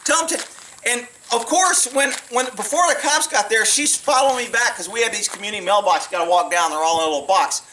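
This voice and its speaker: A middle-aged man, a police officer, telling stories in a blunt, profane, animated way. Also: sits high, fast talker, few pauses, far from the mic, a little hiss or hum. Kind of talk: casual storytelling monologue.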